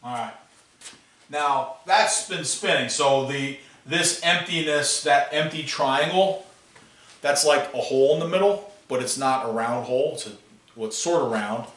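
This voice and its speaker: A man teaching a classroom math lesson, animated and playful, asking students questions as he works. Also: medium pitch, measured pace. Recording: echoey classroom, voice from far off.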